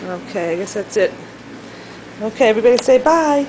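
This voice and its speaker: A woman's voice: fairly high pitch, lively intonation, a little fast, pauses often, background noise. A mother at home talking to her pets in a sing-song baby-talk voice, filming a casual home video.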